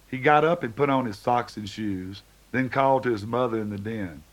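A man's voice: medium pitch, moderate pace, hardly any pauses, poor audio. Man narrating a novel aloud. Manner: reads dialogue with small shifts for each character. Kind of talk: audiobook narration.

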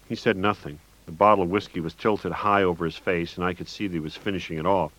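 A man with a very low voice reads a first-person story, dry and wry, then turns loud and manic in his own lines of dialogue. The recording is close and dead, with no room sound. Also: fairly even intonation, a little fast, few pauses, dry recording, low-quality recording. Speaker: audiobook narrator. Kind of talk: first-person audiobook narration.

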